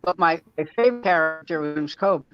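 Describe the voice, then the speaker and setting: A man's voice: a little high, expressive, brisk, soft background music. A man comedian telling rambling anecdotes in casual chat. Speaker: comedian and podcast co-host. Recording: dull lo-fi dry sound.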